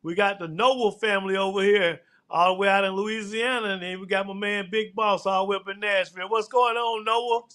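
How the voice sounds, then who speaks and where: A man's voice: high-pitched, fairly even intonation, a bit bright. A man hosting a live show, chatting loosely and tossing in "man" and "look here" all the time. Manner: casual, drawn-out, repeats "man" and "look here". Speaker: host.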